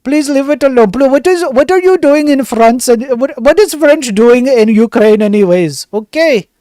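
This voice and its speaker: A man's voice: very high-pitched, expressive, normal speed, mellow, no echo, clean studio sound, voice pushed up. A man voicing a male cybercriminal who pleads in a whiny, comic way. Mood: begging. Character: whiny male cybercriminal begging not to be arrested.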